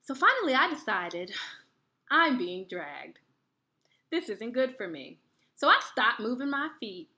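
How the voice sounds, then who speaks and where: A woman hosting a wellness video, giving advice through chatty, animated personal stories. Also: on the high side, unhurried, pauses often. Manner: chatty and animated, laughs while telling stories. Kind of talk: storytelling advice talk.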